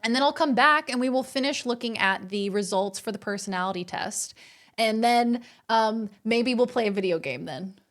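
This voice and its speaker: Chatty streamer woman, bright pitch. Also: normal speed. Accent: Australian. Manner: playful, chatty, addresses chat as gamers. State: a little out of breath. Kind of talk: casual live-stream chat.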